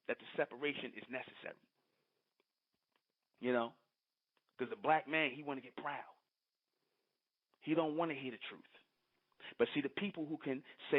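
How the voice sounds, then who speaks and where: Scolding radio host on a tinny line. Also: male voice, on the high side, steady tone, a little fast, long pauses. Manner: combative, scolding, repetitive lecturing. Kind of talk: heated call-in radio rant. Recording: tinny phone-line broadcast audio.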